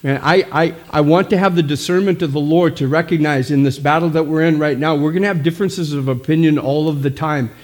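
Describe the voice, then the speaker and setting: A middle-aged pastor preaches a sermon emphatically, calling out "amen?" again and again. His voice sits a little high with a steady tone, and he talks fairly quickly with few pauses.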